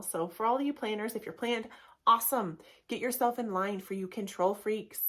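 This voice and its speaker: A woman in her thirties hosting a casual solo podcast, talking in a chatty, candid way and often acting out quick voices. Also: medium pitch. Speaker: podcast host.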